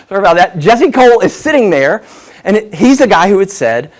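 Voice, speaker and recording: A man speaking to an audience in a fairly high voice, telling stories with a playful, self-mocking edge. His pitch swings widely as he jokes and builds up each anecdote, keeping the talk upbeat and animated. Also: fairly quick, a crowd in the background. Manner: lively self-deprecating storyteller. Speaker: guest speaker. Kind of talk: humorous business talk to an audience.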